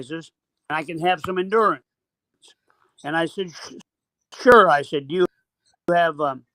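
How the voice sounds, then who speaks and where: A man's voice: high voice, a bit bright, dry recording, low-quality recording. Older male coach telling a story. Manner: halting, broken-up phrasing. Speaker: basketball coach, guest. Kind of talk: anecdotal storytelling.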